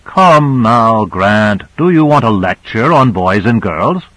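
A man's voice: lowish voice, animated, takes it slowly, a bit bright, no room sound, rough recording. A man reading as a wry, knowing older colleague. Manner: dry, probing, knowing. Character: Michaels, wry, melancholy middle-aged man. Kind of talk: audiobook character reading.

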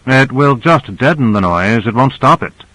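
A man plays a calm, reasoning male colleague who talks in a measured way. The voice is dry and close, read as part of an audiobook. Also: mid-range voice, no room sound, low-quality recording.

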